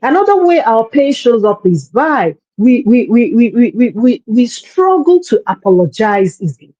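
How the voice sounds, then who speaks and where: A woman's voice: a little high, very animated, normal speed, warm tone, dry recording, lo-fi sound. A woman coaching parents in a workshop talk, speaking earnestly and often repeating words as she searches for her phrasing.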